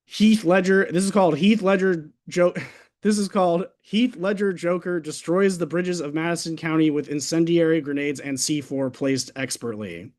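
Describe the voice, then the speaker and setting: A man reading his own poems aloud over a video call in a steady, even voice, with quiet trailing asides. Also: a little high, moderate pace. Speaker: poet reading his work.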